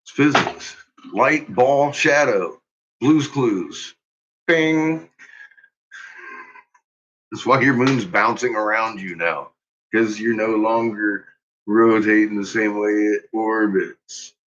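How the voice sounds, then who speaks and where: A man's voice: lowish voice, slow, pauses often, a bit bright, a little hiss or hum. A man ranting casually and with exasperation, swearing often and laughing at his own points. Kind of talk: profane casual rant. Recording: dull lo-fi recording.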